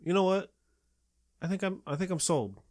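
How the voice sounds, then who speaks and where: A man's voice: high voice, lively intonation, normal speed, a little mellow. A man co-hosting a podcast, answering casually in short, agreeable replies. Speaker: podcast co-host. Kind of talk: casual chat.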